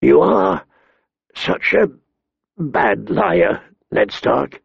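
A man doing a hoarse dying king. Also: fairly low pitch, big pitch swings, no room sound, voice pushed down, heavily acted. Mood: weak. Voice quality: hoarse, gravelly. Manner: gruff, blustering, halting with pain. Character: dying hot-tempered king, middle-aged man. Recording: dull lo-fi dry recording.

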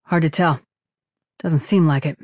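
A narrator voicing a brisk male starship captain who gives blunt, commanding orders. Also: a little high, steady tone, darkish tone, no room sound, studio quality. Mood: businesslike.

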